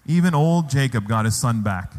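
A man's voice: mid-range voice, animated, normal speed, darkish tone. A man preaching a sermon as pastor in a church, asking the congregation rhetorical questions. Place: church hall. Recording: long hall reverb.

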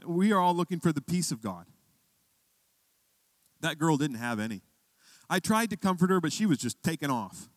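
A man's voice: fairly high pitch, no room sound. A man preaching a sermon, telling a personal story conversationally and building to emphatic questions for his church. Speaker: pastor.

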